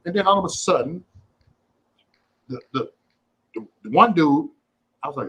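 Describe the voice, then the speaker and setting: A man hosting a casual livestream, telling a story in an animated, profane way and acting out the quotes. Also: medium pitch, moderate pace, long pauses, husky, low-quality recording. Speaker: host.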